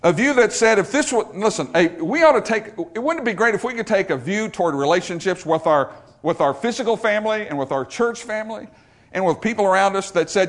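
Male preacher mid-sermon: high-pitched, hugely animated delivery, repeating phrases and dropping to a hush. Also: brisk. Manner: emphatic and repetitive, swinging from loud to hushed.

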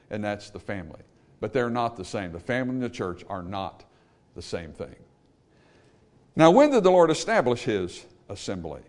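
A man preaching a Baptist sermon, emphatic, swinging between loud peaks and low trailing endings, calling for amens from the congregation. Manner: calls for amen from the congregation. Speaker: Baptist pastor.

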